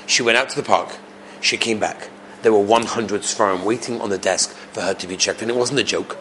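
A man's voice: fairly low pitch, fairly quick, bright, forceful tone, slight background noise. A man giving a storytelling Torah class, acting out the voices of the people in his stories and asking his listeners frequent rhetorical questions. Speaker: rabbi teaching a class.

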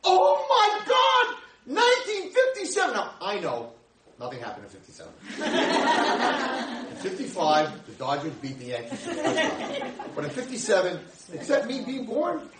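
A man in his sixties, a rabbi giving a humorous storytelling lecture, acting out the dialogue. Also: a little high. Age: 60s. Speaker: rabbi and speaker. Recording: echoey room, from far off, faint hiss.

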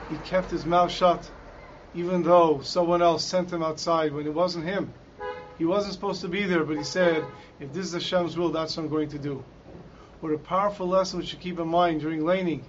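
High-voiced man telling a Torah story. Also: a little hiss or hum. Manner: dramatic storyteller, shouting out quoted lines. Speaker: Torah teacher. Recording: dull lo-fi recording.

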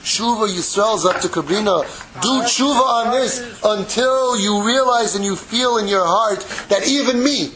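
A man giving an impassioned Torah sermon, mixing Hebrew terms into English and swinging from loud pleading to hushed, intimate tones. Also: sits high, moderate pace, hardly any pauses, crowd noise, poor audio. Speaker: rabbi giving a Torah class.

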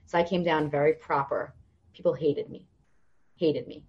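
A young woman on a podcast, speaking at normal speed in a low, slightly rough voice, recounts stories in conversation. She acts out the quoted voices with lively energy, and the recording has its highs cut off.

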